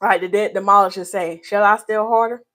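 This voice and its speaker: Speaking quickly in a medium-pitched, slightly bright voice with fairly even intonation, a North Carolina woman who hosts as a hairstylist chats with her live stream. Playful and teasing, she reads the viewer comments aloud.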